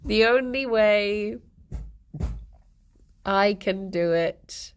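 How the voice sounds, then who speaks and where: A young woman streamer in casual chat with her viewers, her voice husky after a late night, chatty and giggly. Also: mid-range voice, extremely slow, slight background noise.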